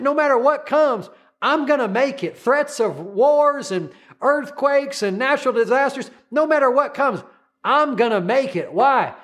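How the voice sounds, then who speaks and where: A man preaching a sermon, emphatic and repetitive, quoting scripture and calling listeners to repeat after him. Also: extremely high pitch.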